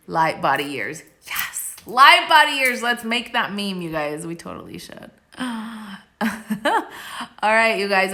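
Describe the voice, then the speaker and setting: Young woman on a phone livestream, bubbly, laughs a lot, bright voice, a bit low. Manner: bubbly, laughs often, reads out comments. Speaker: host of a live stream. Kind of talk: casual live-stream chat answering viewer questions. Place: countryside village home.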